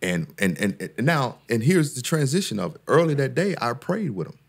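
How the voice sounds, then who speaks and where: This man's mid-range voice swings widely in pitch at a normal speed, sounding creaky with a breathy edge. He's a therapist and guest speaker in a casual podcast conversation, earnest and preacher-like, building upward when he lands a point. He frequently restarts sentences and repeats words.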